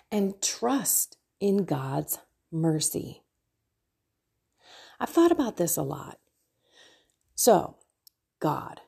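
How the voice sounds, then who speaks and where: A woman's voice: lowish voice, mellow, breathy edge. A woman giving an earnest, heartfelt talk about her faith, speaking as a faith coach from home. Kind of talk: personal faith talk to camera.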